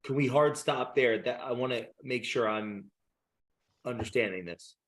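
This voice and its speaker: A man hosting a podcast interview, cutting in to check details and apologizing as he goes. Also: medium pitch. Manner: interrupts to clarify, quick and apologetic. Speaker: podcast host. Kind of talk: casual interview talk.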